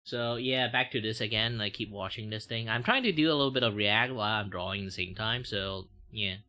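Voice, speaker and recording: His voice sits on the low side, bright and forceful, running a little fast. A Malaysian-accented man streaming as a VTuber, he chats loosely as he draws, rambling with many fillers, restarts and slack grammar.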